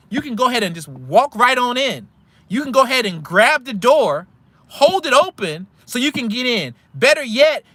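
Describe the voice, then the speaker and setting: Man, vlogger, preachy street-talk rant about investing, bright tense voice, dry close sound from a car. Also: extremely high pitch, dry recording. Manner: blunt, preachy, slangy, repeats himself. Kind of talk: casual motivational rant. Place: parked car in a store parking lot.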